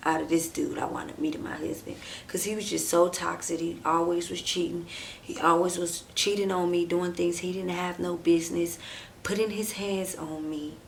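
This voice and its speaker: There's a little hiss or hum behind this chatty storytime vlogger, whose lowish voice carries vocal fry. In casual, animated chat she addresses viewers directly, acts out quoted dialogue, and leans on drawn-out fillers and frequent "like" and "and stuff".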